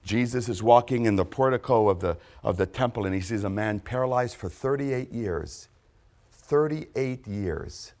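A man in his fifties preaching a sermon, dramatic and repetitive, dropping from loud exclamations to hushed phrases. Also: fairly low pitch.

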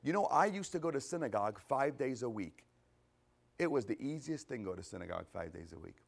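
A man preaching a conversational sermon, animated, asking rhetorical questions and answering them himself. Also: mid-range voice, a little fast, creaky. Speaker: pastor.

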